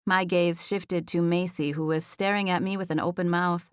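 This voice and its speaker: A woman narrating a first-person romance audiobook in an even storytelling voice, recorded in a studio. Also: on the low side, moderate pace, clear, resonant tone, dry recording.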